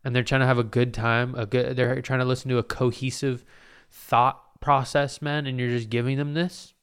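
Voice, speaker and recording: A man's voice: medium pitch, level tone, moderate pace, a bit bright, clean tone. A man hosting his own podcast alone, rambling in a self-mocking way and swearing often. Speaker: podcast host. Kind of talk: casual solo podcast monologue.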